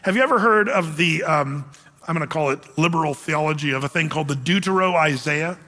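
A male pastor preaches with a high, bright voice that has a tense edge. His delivery is conversational and animated, full of casual asides. A long hall reverb trails each phrase. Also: fairly quick, soft background music. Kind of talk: sermon.

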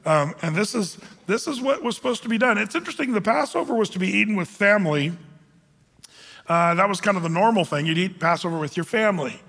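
A male pastor teaches the Bible verse by verse in a loose, conversational style full of fillers and frequent restarts. His slightly high voice is bright, forceful, expressive, and fast, with vocal fry, and a large church hall adds long reverb.

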